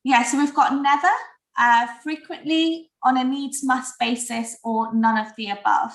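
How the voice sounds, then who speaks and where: A woman's voice: sits high, steady tone, measured pace. A woman co-hosting, chatting casually about poll results and restarting her sentences. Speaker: co-host running a poll. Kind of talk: casual chat. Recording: roomy, distant mic.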